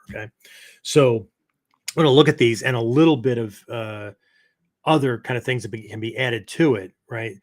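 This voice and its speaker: A middle-aged man hosting a podcast, explaining phrases in a casual, rambling teaching style and tagging nearly every sentence with "right?" or "okay?". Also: medium pitch. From United States. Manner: peppers talk with "right?" and "okay?"; rambling, self-correcting explanations. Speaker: martial arts podcast host.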